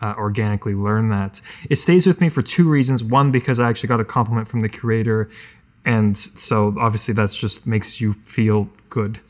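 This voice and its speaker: A man playing a tabletop role-playing game, rambling and thinking aloud with many fillers. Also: mid-range voice. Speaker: tabletop player. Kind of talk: casual in-character musing.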